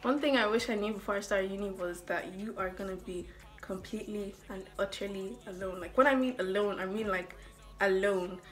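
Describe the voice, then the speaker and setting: A woman's voice: mid-range voice, fairly quick. Chatty young woman with an American-sounding accent. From Ireland. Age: young adult. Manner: rambling, full of "like" and asides to viewers. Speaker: student vlogger. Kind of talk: casual chatty Q&A vlog.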